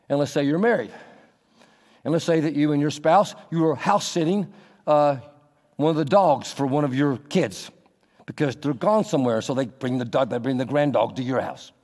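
A man preaching a sermon as pastor, animated, acting out little scenes in a raised voice. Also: a little high, big-room sound.

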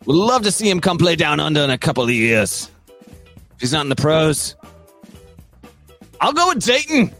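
A man's voice: fairly high pitch, sing-song, moderate pace, long pauses, fairly bright tone, soft background music. A man putting on an Australian accent and playing a showy sports pundit who drags out names. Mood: hammy. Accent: put-on Australian.

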